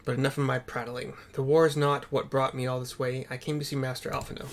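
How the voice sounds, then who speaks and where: A man's voice: medium pitch, little pitch movement, quick pace, a little hiss or hum, lightly acted. A man reading a solemn, formal nobleman. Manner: formal archaic speech, stumbles on hard words.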